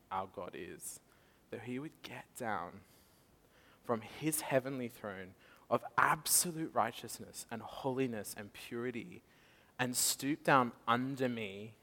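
A man's voice: mid-range voice, a bit bright. A man preaching a passionate testimony sermon in a church hall, telling his story with frequent laughs. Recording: long reverb of a church hall.

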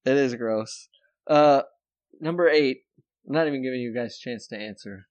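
A man's voice: mid-range voice, a little mellow, no room sound, lo-fi sound. A man hosting a podcast, rambling through casual comedic banter and laughing often. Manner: jokey, rambling, quick to laugh. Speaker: podcast host.

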